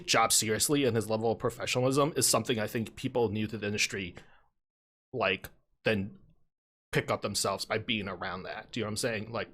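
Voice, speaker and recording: A man co-hosts a casual podcast chat, rambling with plenty of fillers and restarts. His voice is medium in pitch with a fairly bright tone.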